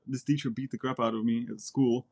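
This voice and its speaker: This Air Force member from the Czech Republic, a native Czech speaker, chats as an interview guest in a blunt, direct way, repeating words as he goes. His voice is medium in pitch, steady, brisk and creaky, a little mellow and slightly rough.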